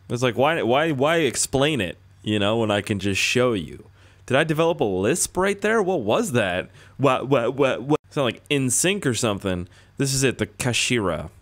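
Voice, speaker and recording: Lively, rambling young man gaming commentator. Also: medium pitch. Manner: rambling, jokey, self-interrupting. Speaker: gaming YouTuber. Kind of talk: joking gameplay commentary.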